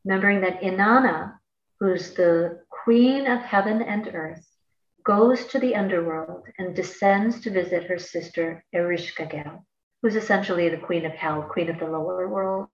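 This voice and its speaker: A woman's voice: lowish voice, moderate pace, distant mic. A woman talks through astrology in a loose, playful way and slips into slangy asides. She sounds set back from the microphone, in a roomy space with a slightly dull tone. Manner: chatty and playful, laughs often, slangy asides. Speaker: astrologer guest. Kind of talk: casual explanatory chat.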